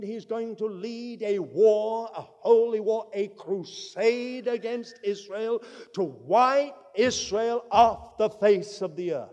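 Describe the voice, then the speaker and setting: A man preaching a sermon, earnest and emphatic, swinging between loud declarations and quiet asides. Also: sits high. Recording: long reverb from a large hall.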